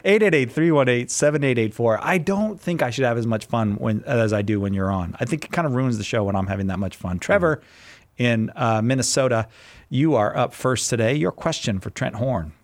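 A man's voice: medium pitch, animated. A man hosting a call-in radio show, chatting casually and laughing easily with his guest. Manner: jokey, laughs easily, quick asides.

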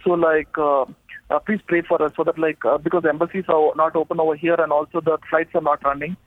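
A man's voice: on the high side, flat delivery, fairly quick, no echo. A young man from India calling in, asking a question hesitantly with many fillers and restarts. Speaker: caller. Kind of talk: call-in question. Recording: tinny phone line.

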